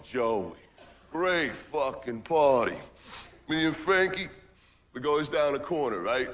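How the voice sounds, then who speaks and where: A man's voice: a little high, fairly bright tone. An actor playing a crude, stoned party guy who rambles through a dirty story, tagging lines with "man" and "right". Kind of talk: stage monologue.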